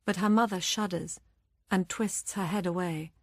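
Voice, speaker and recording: Woman audiobook narrator, lowish voice, even pacing, dead-dry studio sound. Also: normal speed, dry recording.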